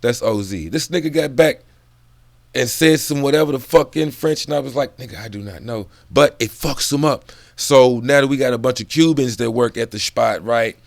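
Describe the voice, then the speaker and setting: A man talks loosely and profanely about a book, wandering into side stories. He laughs between thoughts. His voice sits at an ordinary middle pitch, with a dry, close sound and no room echo. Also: normal speed, gravelly. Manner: loose, profane, digressive talk. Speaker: book commentary vlogger. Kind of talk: casual profane book commentary.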